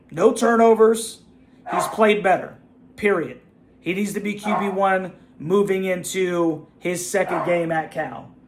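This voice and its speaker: Fired-up fan venting. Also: male voice, sits high, noisy background. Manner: fired-up venting, repeats himself, "bro" and "man". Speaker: fan channel host. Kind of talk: ranting fan reaction vlog.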